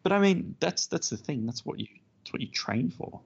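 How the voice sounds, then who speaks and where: A man's voice: on the high side, animated, normal speed, gravelly, breathy edge. A man co-hosting a podcast, telling a self-deprecating story in casual chat. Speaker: podcast co-host. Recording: dull lo-fi podcast audio.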